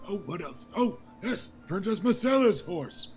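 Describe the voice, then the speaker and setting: A man voicing a boisterous, generous king who bellows slow proclamations to a crowd. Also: sits high, very animated, soft background music, pitched above the performer's own voice. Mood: bellowing. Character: booming jovial bearded king, boisterous and generous.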